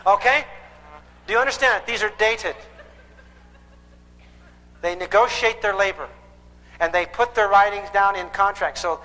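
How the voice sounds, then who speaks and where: A man's voice: high-pitched, bright, forceful tone. A man giving a parenting seminar, emphatic and lecturing, who keeps quizzing his audience with questions. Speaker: parenting counselor. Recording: echoey hall with long reverb.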